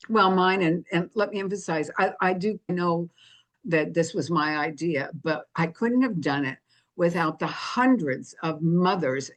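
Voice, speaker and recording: An older woman, a guest on an interview show, telling her story in a lively, anecdotal way. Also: lowish voice, measured pace.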